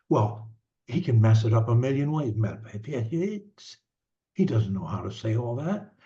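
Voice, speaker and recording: Slow, deliberate older man coaching parents. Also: on the low side, dark tone. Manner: slow, deliberate, halting with restarts. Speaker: stuttering coach. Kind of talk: advice talk to parents. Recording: dull lo-fi sound.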